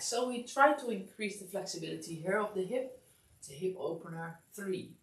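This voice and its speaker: Woman massage teacher, sleepy, lively sing-song counting, gravelly low voice, roomy distant sound. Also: normal speed. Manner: calm step-by-step guidance, counting aloud. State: sleepy, yawning. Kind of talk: instructional class demonstration. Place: massage studio.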